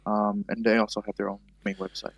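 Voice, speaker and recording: A man's voice: on the low side, little pitch movement, fast talker, gravelly, slightly rough, dry recording. Hesitant young man from Tonga chatting. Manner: hesitant, with frequent fillers. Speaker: podcast guest, filmmaker and photographer. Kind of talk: casual chat.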